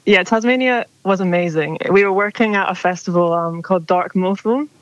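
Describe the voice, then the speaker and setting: A woman's voice: fairly low pitch, a little fast, dry recording. A woman calling in to a radio show, chatting casually and rambling with lots of fillers, heard over a phone line. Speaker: caller. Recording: dull dry phone line.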